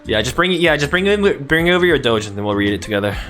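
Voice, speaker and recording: A man's voice: medium pitch, animated, a bit bright. Podcast guy who lives in japan, chatty, laughs a lot, trips over his words a bit, faint music under it. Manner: laughs often, halting restarts. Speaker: podcast host. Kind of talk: casual chat.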